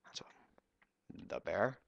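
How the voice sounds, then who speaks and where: A young man giving goofy, excitable commentary while streaming a game live. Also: slow, muffled recording.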